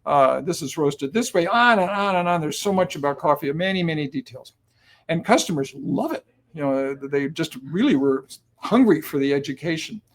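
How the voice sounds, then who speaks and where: An older man in his seventies, a guest on an interview show, recounts stories in a loose, relaxed way, pausing on plenty of ums and uhs. His voice sits a bit higher than most men's. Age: 70s. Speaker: guest, company cofounder. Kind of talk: conversational storytelling.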